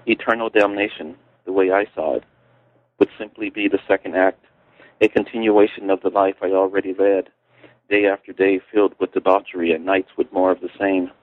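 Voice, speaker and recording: A Chicago-born man reads from his own memoir, calm and measured. His voice is deep. It comes through a thin, phone-like radio feed. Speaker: author reading his memoir. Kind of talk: reading aloud from a memoir. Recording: tinny phone-line radio audio.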